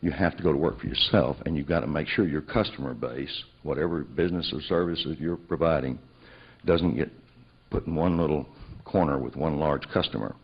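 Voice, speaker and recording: A man's voice: a bass voice, brisk, creaky, slightly rough. A man telling a personal story, acting out both sides of remembered conversations. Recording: dull lo-fi recording.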